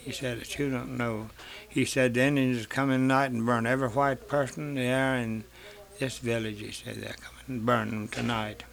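A man's voice: mid-range voice, little pitch movement, normal speed, gravelly, a bit bright. An older man telling family stories in a rambling way, in rural dialect, repeating "he said" and swearing freely. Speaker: interviewee. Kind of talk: rambling folk storytelling.

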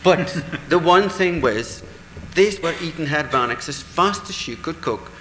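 Guy spinning an old fairy tale, bright forceful voice, bit of faint background hum. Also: a little high, a little slow, reverberant, big-room sound, poor audio. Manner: lively, animated, voices characters in dialogue. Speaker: storyteller. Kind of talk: traditional folk tale telling.

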